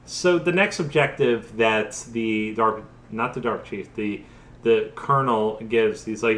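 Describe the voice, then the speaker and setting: A man's voice: on the low side, unhurried, a bit bright, roomy sound, a little hiss or hum. A young adult man casually recapping a video game for laughs, tipsy and rambling with lots of restarts. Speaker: host.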